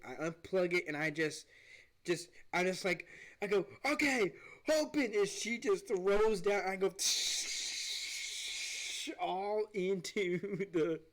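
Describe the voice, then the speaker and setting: A man hosting a podcast, telling a story in an animated, rambling way with many restarts. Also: fairly high pitch. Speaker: podcast host. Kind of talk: casual storytelling.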